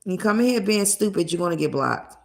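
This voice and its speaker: A young woman talks bluntly and profanely to her viewers during a casual livestream chat, laughing between points. Her voice is fairly low, gravelly, animated and brisk.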